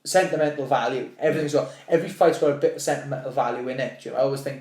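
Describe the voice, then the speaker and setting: A young Welsh man, a podcast guest, telling stories in casual chat, animated and swearing, acting out what people said. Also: mid-range voice, rapid-fire, roomy sound. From Wales. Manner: animated, swearing, restarts and acts out quotes.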